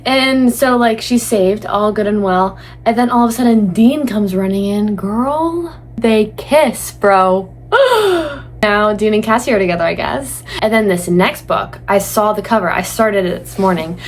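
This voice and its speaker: A young woman chatting excitedly and casually in a reading vlog. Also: medium pitch, normal speed. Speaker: book vlogger. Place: indoors at home.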